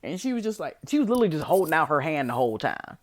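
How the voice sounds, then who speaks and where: A woman hosts a podcast and recaps a film in loose, chatty storytelling packed with fillers and slang. Her low-set voice swings widely in pitch as she gets caught up in the story. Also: big pitch swings, very fast. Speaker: podcast host. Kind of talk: casual movie recap.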